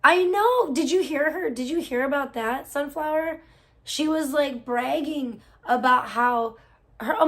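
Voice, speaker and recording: A woman's voice: high voice, gravelly. A woman hosting a casual livestream, gossiping and reacting to chat, swearing freely. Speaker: livestream host.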